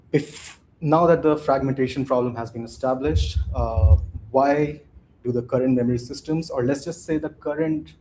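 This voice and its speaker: A man's voice: mid-range voice, darkish tone, slight background noise. A man giving a conference talk from slides, speaking loosely and conversationally, often tagging his points with "right?" and restarting his sentences.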